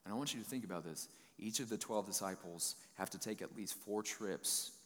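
A man's voice: on the low side, fairly quick, a bit bright, big-room sound. A man preaching a sermon in a conversational, folksy way, retelling scripture in everyday words.

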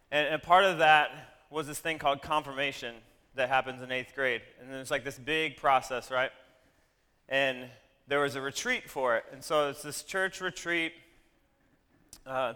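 A man with a slightly high, bright and crisply resonant voice tells a story to an audience. He keeps it animated and drops wry, self-deprecating asides. His words ring out with a long hall reverb.

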